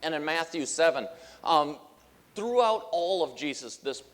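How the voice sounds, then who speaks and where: A male pastor delivers a sermon in a loose, conversational way, full of "um" and "you know", acting out the lines he quotes. His voice sits a little high for a man. The sound carries a long reverb, as in a church sanctuary. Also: expressive, measured pace, a bit bright. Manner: conversational preaching with many fillers and acted-out quotes.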